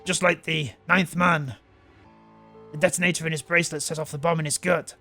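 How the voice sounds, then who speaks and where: A man voicing a grim older man who speaks in a low, strained, matter-of-fact way. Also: fairly even intonation, a little fast, pushed and bright, faint music behind.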